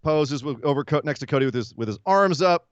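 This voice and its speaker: Animated man recapping wrestling on a podcast. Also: fairly high pitch, fast talker, smooth, dry recording. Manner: animated storytelling, acts out quotes in silly voices. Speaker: podcast co-host. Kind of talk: casual wrestling recap chat. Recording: dull lo-fi, dry sound.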